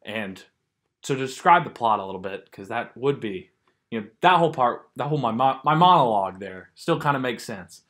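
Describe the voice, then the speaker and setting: A man's voice: medium pitch, lively intonation, brisk, fairly bright tone. A man with a light Southern US accent, co-hosting a podcast in a casual, rambling way and filling his talk with "like.". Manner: rambling, filler-heavy, says "like" a lot. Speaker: podcast co-host. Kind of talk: casual chat.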